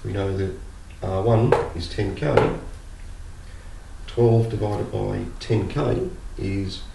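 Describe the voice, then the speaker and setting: Gravelly Australian man explaining electronics. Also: fairly low pitch, little pitch movement. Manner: slow, deliberate working through sums aloud. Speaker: electronics tutor. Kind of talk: casual tutorial explanation and joke telling. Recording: roomy, distant, faint background hum.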